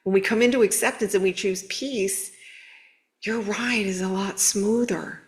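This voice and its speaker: A woman hosting a spiritual guidance video, talking in an earnest, conversational, animated way. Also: mid-range voice, measured pace. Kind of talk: casual spiritual coaching talk.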